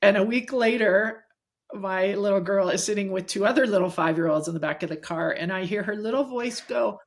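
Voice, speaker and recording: A woman's voice: medium pitch, fairly even intonation, a little fast. A middle-aged woman, a guest executive coach, telling earnest anecdotes in a casual interview.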